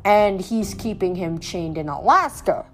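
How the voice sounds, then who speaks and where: A woman's voice: mid-range voice, animated, unhurried, natural voice. A woman doing a wary teenage heroine. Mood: probing. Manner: cautious, probing questions. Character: young teen heroine, wary and clever.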